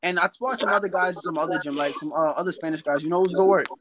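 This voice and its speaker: A young man with a high voice chats casually about boxing, rambling and dropping fillers. Faint noise sits under the recording. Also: racing, low-quality recording. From New York. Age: young adult. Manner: relaxed, rambling, fillers like "you feel me". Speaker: boxer guest. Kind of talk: casual interview chat.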